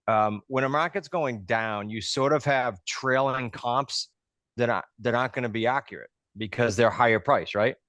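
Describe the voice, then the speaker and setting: A man's voice: mid-range voice, fairly bright tone, dry recording. A man hosting a live group coaching call, explaining things step by step in a conversational way.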